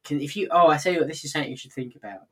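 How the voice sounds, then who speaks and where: Husky-voiced guy on a podcast gushing about sitcom jokes, super casual. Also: a little high, very fast, sharp tone. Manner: enthusiastic, keeps calling things brilliant. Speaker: podcast co-host.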